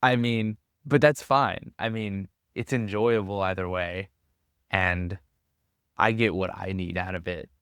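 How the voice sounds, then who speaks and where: A man's voice: deep voice, steady tone, unhurried, fairly bright tone, smooth, no room sound, studio quality. A young American man from Tennessee, a podcast guest rambling casually and making fun of himself. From Tennessee, USA. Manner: rambling and self-deprecating, often laughing. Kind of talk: casual conversation. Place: backpacker hostel.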